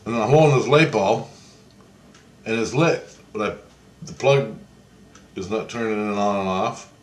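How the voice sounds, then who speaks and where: A male vlogger with a fairly low voice tells a long story at a moderate pace, rambling, repeating himself and swearing freely. The room he's in sounds echoey.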